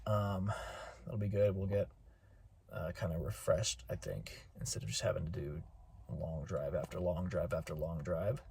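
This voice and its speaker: Low husky guy in his car, rambly casual update, lots of ums. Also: moderate pace. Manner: relaxed, rambling, many fillers. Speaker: vlogger.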